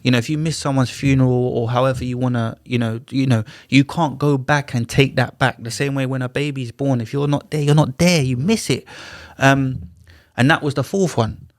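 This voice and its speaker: A man's voice: medium pitch, no echo. Slangy man, dry close sound. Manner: animated, slangy retelling with acted-out dialogue. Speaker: podcast guest. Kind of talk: casual storytelling. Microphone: studio podcast mic.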